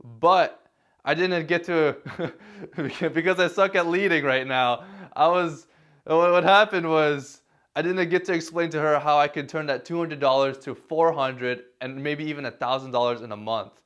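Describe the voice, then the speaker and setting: Here a man gives casual advice in a talking-head vlog, his voice a little high, fairly bright, clear and resonant at a moderate pace. Self-deprecating throughout, he restarts often, fills pauses, and chuckles now and then.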